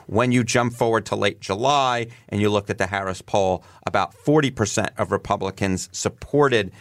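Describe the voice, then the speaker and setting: A man from New York co-hosting a political podcast, explaining polling data in an animated, numbers-heavy way. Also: on the low side, moderate pace, dry recording, clean studio sound. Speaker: political data analyst co-host. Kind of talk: casual political podcast chat.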